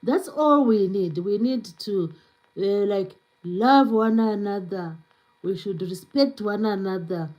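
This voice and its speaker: A woman's voice: medium pitch, takes it slowly, muffled recording. A woman hosting a live stream in a casual, chatty way with lots of fillers, speaking English with an accent. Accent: non-native English accent. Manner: chatty, many fillers, reads viewer comments aloud. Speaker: livestream host.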